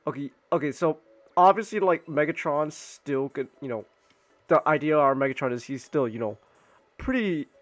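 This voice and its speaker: A man's voice: a little high, moderate pace. A man streaming casually while drawing, rambling with lots of restarts and swearing.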